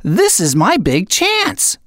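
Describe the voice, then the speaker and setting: A woman's voice: mid-range voice, slow, dry recording, studio quality, pitched above the performer's own voice. A woman voicing an eager young boy who dreams of being a pirate, in a storybook reading. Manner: excited, eager.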